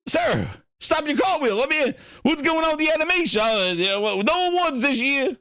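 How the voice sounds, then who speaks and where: A man's voice: very high-pitched, lively intonation, normal speed, sharp tone, no room sound, studio quality. A man hosting a gaming show, riffing in a profane, mocking, rambling way as casual reaction commentary.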